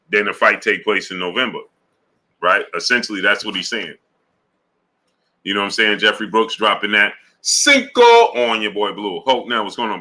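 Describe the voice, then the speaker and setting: A man hosting a boxing livestream in loose, casual chat, with a very bright, forceful voice that sits fairly low. He keeps greeting viewers by name and circling back to the same pitch. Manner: hypes and shouts out chat names; repeats a call to subscribe.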